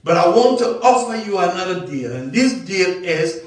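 Male preacher, raised pitch, calls and responses, recorded from afar in a reverberant church. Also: lively intonation. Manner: preaching with call-and-response, drawn-out emphasis. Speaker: pastor. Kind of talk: sermon. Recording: echoey hall, distant from mic.

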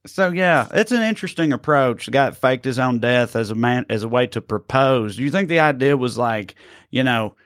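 Male co-host, mid pitch, playful rambler, dry close recording. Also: animated, normal speed, a bit bright, no room sound. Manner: rambling, playful, slips into mock accents. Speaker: podcast co-host. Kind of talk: casual comedic news chat.

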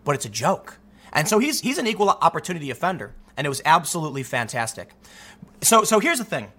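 Emphatic, bright-voiced male commentator. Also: fairly high pitch, quick pace. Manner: emphatic, animated, repeats words when excited. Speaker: political commentator. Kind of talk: opinionated solo commentary.

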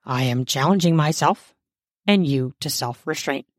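A woman voicing a bossy, bookish woman professor in an audiobook, talking low and dry. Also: normal speed, dry recording, lightly acted. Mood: teasing. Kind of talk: audiobook character voice.

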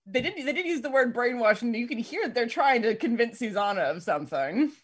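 A woman's voice: on the high side, animated, brisk, slightly rough. A woman player in a tabletop game, talking casually and playfully. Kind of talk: casual chat.

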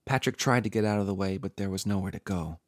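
A man hosting a horror podcast, reading a scripted horror story with dramatic, measured delivery. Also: sits low, no room sound, clean studio sound. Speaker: horror podcast host and narrator. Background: faint music.

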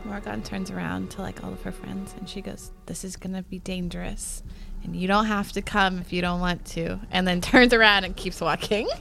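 A woman's voice: medium pitch, steady tone, moderate pace, creaky, pushed and bright, soft background music. Chatty woman player. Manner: casual and chatty with many fillers. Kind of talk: playing a tabletop game.

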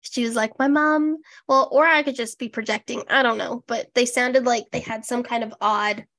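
A young woman with a gravelly, fry-heavy voice set a little high, trading sarcastic asides as a podcast co-host. Her talk is loose and casual, peppered with swearing. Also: steady tone, moderate pace, fairly bright tone. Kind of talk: casual chat.

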